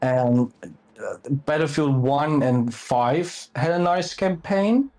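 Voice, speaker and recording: A man's voice: a little high, slow pace, darkish tone. A man from the Netherlands with a Dutch accent, telling a rambling anecdote on a live stream in casual chat.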